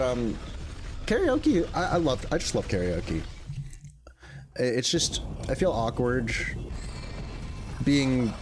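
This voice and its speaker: A male streamer playing a game and talking loosely to his viewers. He rambles and stumbles over his own words, swears casually, and his pitch jumps around animatedly.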